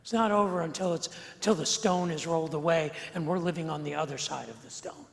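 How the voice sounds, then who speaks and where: A male pastor preaching an earnest sermon, slowing and swelling on key phrases and repeating words for emphasis. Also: on the high side, vocal fry. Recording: long church reverb.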